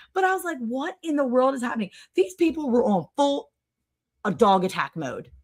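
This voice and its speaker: A woman hosting a livestream, telling a story to her viewers in a chatty, sarcastic way, full of "like" and big jumps in pitch. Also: moderate pace. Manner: animated, sarcastic, with wide swings in pitch; chatty, with many "like" fillers. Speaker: livestream host.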